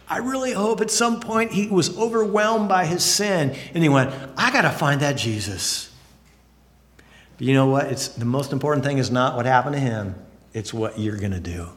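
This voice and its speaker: A man preaching a sermon, lively and expressive, acting out excited voices now and then. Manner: animated, acts out excited voices with big pitch jumps. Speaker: pastor. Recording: long hall reverb.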